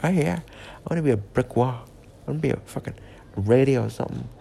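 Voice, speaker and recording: A man's voice: mid-range voice, a little fast, creaky, warm tone. A drunk, stoned man rambling through a comedy monologue, slurred and swearing. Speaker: comedic vlogger.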